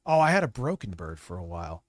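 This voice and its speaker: A man streaming live, ranting in a profane and defensive way, his voice gravelly from a cold. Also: sits low, very animated, fast talker, dry recording, clean studio sound. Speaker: streamer reacting to videos. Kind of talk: casual livestream rant.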